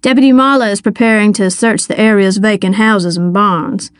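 A woman reading an audiobook, voicing a steady, businesslike male sheriff. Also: medium pitch, moderate pace, no echo, studio quality, close to an everyday voice. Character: male small-town sheriff, calm and commanding. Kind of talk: audiobook character voice.

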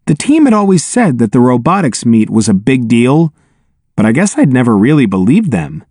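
A man narrating an audiobook in an expressive, wry first-person telling, on a close studio mic. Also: medium pitch, normal speed, slightly rough, no echo.

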